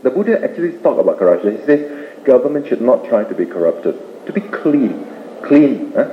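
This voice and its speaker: A man's voice: medium pitch, big pitch swings, a little fast. A man giving a Buddhist Dharma talk, explaining points with rhetorical questions and tag-ending "eh?". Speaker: Buddhist speaker. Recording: tinny roomy old tape with faint hiss.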